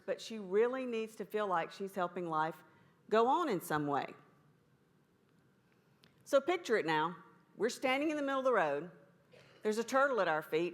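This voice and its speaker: Folksy woman telling a story. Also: mid-range voice. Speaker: conference speaker. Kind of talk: storytelling talk.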